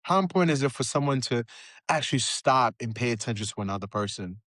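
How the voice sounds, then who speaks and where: A man's voice: medium pitch, lively intonation, quick pace, a bit bright, no echo. A man hosting a podcast interview, who asks long reflective questions with many filler phrases. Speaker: podcast host. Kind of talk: interview conversation.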